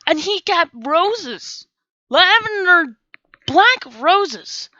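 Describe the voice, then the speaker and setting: A woman's voice: extremely high pitch, lively intonation, extremely slow, pushed and bright, dry recording. A young woman hosting a gaming video, telling a rambling, self-mocking story with giggles. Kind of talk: storytelling over gameplay. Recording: dull lo-fi dry recording.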